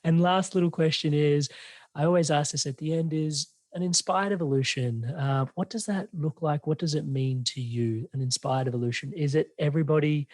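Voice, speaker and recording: Male podcast host, enthusiastic, rambling, slightly high voice, dry sound. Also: normal speed, darkish tone, no echo. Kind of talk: casual interview.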